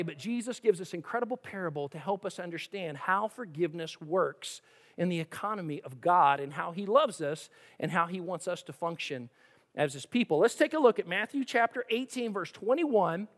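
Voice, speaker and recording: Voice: mid-range voice, lively intonation, normal speed, long reverb tail. A preacher giving a sermon and reading scripture aloud, who acts out the quoted voices and keeps asking the listeners questions.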